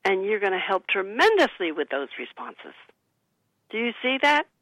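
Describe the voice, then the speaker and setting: A woman guest on a radio talk show, speaking in an earnest, gentle and instructive way as she gives spiritual advice. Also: mid-range voice, very animated, moderate pace, no echo, poor audio. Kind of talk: radio interview, advice-giving.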